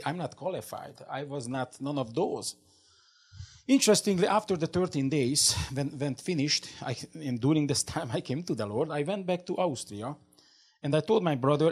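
A man's voice: mid-range voice, darkish tone, husky. A man who learned English as a second language, telling a fervent faith testimony as an interview guest, in broken English full of restarts and repeated words. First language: not English.

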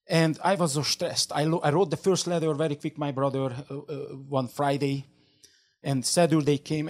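A man's voice: medium pitch, darkish tone. A man who learned English as a second language, telling a fervent faith testimony as an interview guest, in broken English full of restarts and repeated words. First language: not English.

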